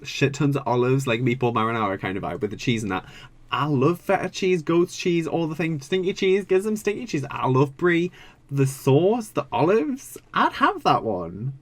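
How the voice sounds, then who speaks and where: A man's voice: a little high, very animated, moderate pace. A young man from the UK chatting casually as he reacts to a reality show, swearing often and groaning or squealing at what he sees. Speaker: reaction video creator.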